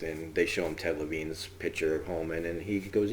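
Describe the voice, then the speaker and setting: A man's voice: low voice, little pitch movement, moderate pace. A man casually reviewing a TV episode, rambling with fillers and acting out quotes. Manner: rambling, chatty, with frequent fillers and acted-out quotes. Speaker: TV review podcast host.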